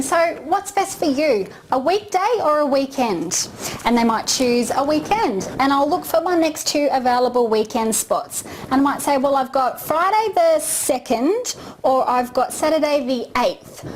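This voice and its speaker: A woman with a high voice explains her booking routine in a calm, friendly tone, acting out both sides of the call. A faint hiss of noise sits under the recording. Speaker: party plan consultant. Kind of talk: instructional video with role play.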